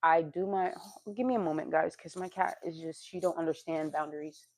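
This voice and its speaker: A woman's voice: sits low, moderate pace, a little mellow. A woman vlogging to her viewers in a rambling, confessional way, sighing, laughing and swearing now and then. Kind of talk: candid casual monologue.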